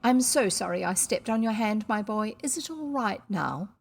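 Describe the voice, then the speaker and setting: A woman voicing a stout, bad-tempered Victorian lady who later turns kindly, with a shrill scolding manner. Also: lively intonation, moderate pace, gravelly. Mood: gushing. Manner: shrill scolding, then gushing sweetness.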